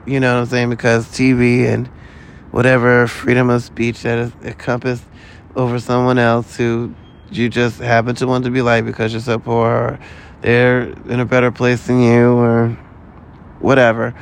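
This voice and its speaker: A man's voice: mid-range voice, creaky, slight background noise. A man hosting a solo podcast, talking in a loose, profane, exasperated rant full of asides. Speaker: podcast host. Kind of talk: rambling solo podcast monologue.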